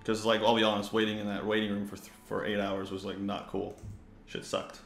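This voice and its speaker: Young guy streaming poker, gravelly low voice, swears a lot, rambles, echoey room with faint music under it. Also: monotone, brisk. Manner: loose and chatty, swears freely, rambles. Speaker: poker player and coach. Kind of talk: casual live-stream commentary while playing.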